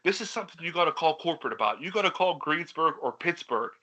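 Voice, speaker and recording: A man putting on his irritable, short-tempered father, a busy postal clerk, snapping and hurried. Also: a little high, animated, bright, forceful tone, lo-fi sound, voice pushed up. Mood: exasperated.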